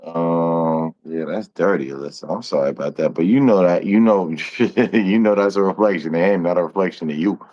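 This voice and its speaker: A man's voice: deep voice, moderate pace, few pauses, darkish tone, lo-fi sound. A young man hosting a casual live stream, talking in a laid-back, slangy way and swearing freely. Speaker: livestream host.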